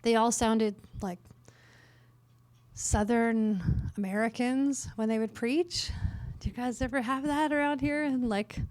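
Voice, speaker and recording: A woman's voice: on the high side, measured pace, no room sound. Middle-aged Canadian woman telling stories. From northern Canada. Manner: lively, self-mocking humor, many fillers. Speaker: workshop speaker on worship. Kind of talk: storytelling in a conference talk. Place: conference workshop room.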